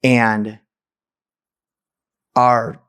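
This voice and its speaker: A man's voice: medium pitch, level tone, very slow, a bit bright, smooth. A man, a podcast host, telling a personal story candidly and emotionally, stammering and restarting as he goes.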